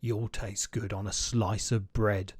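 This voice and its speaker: A man voicing a huge, hungry monster in a storybook reading, with a low, slow, rumbling voice. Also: little pitch movement, a little mellow, breathy edge, no room sound, studio quality. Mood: menacing.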